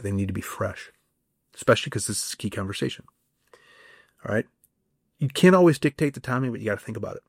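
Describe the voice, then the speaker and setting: A man with a low, gravelly, husky voice talks through a solo podcast lesson on communication. He speaks conversationally, restarting and repeating words and tossing out rhetorical questions. The sound is dry and close, with no room around it. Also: a little mellow, dry recording. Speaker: podcast host and communication coach. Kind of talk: solo podcast teaching talk.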